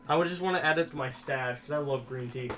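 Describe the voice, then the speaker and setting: A man's voice: fairly high pitch, fast. A man playing a tabletop role-playing game, bantering and joking with the others. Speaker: player.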